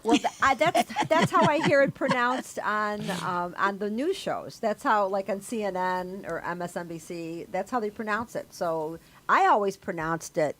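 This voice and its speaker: A woman's voice: mid-range voice, expressive, moderate pace, few pauses, fairly bright tone. A middle-aged woman hosting a casual group chat over a video call, rambling and laughing at herself. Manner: rambling, laughing, self-deprecating. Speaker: host.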